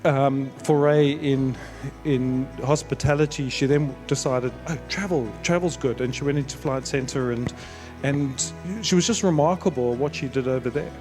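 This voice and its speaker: A middle-aged man giving a sentimental, halting wedding speech as father of the bride. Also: medium pitch, steady tone, darkish tone, soft background music. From South Africa. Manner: sentimental, storytelling with halting restarts. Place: wedding reception.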